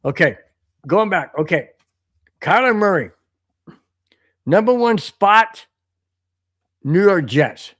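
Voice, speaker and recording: American man, podcast co-host, rambling and excitable, slightly high voice, dry close mic. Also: takes it slowly, pauses often, no echo. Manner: rambling storyteller, excitable, reads super chats. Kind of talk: casual sports podcast chat.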